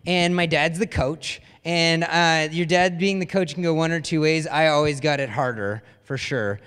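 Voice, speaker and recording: Young-adult ministry pastor, male, higher-pitched voice, loose and self-mocking storytelling, long hall reverb. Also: normal speed, a bit bright, smooth. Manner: chatty, self-deprecating storytelling with many "like"s. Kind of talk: casual conversational sermon. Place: church hall.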